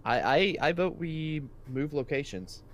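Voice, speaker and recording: A man's voice: on the high side, lively intonation, unhurried. A man playing a tabletop game, hesitant and repeating words as he starts. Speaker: player. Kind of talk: casual tabletop game chat.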